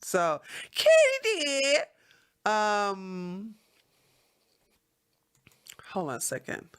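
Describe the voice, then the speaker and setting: A woman hosting a livestream rants bluntly and heatedly with lots of swearing, her mid-range voice fairly bright, clear, and resonant. She swings hugely in pitch and draws out her words, stopping at times to read viewer comments aloud.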